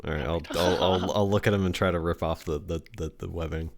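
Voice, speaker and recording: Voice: low voice, fairly even intonation, brisk, darkish tone. A player in a tabletop game who stammers and jokes.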